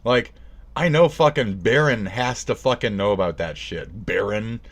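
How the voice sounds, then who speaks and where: Male streamer, fairly low voice, sarcastic, profane, loud bursts then mutters, casual rant. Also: moderate pace. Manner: profane, sarcastic, swings between shouting and mumbling. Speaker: livestreamer.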